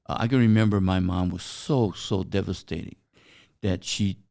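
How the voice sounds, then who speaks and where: An older man, a native Chinese speaker who grew up in China, telling stories as a guest in a casual interview. He talks in a halting way, with many "uh" fillers. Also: low voice, fairly even intonation, creaky, dark tone. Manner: halting, anecdotal, frequent "uh" fillers.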